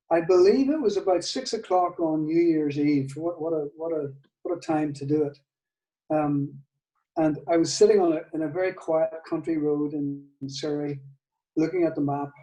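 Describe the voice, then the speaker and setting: An older man with a Northern Irish accent, his voice mellow and slightly higher than most men's. He talks hesitantly, with restarts and soft laughs, while telling a story in a conversation. It was recorded in an echoey room, a little far from the mic. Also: normal speed. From Northern Ireland. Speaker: guitar maker, guest. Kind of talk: casual storytelling interview.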